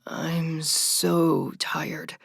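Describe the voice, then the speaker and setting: A tired, reserved male soldier, as a woman narrator puts him on, talking slow and hushed in an audiobook. The voice sits low for a woman and comes across close and dry, with no room around it. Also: vocal fry, slightly rough, no echo, full character voice. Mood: sleepy. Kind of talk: audiobook character voice.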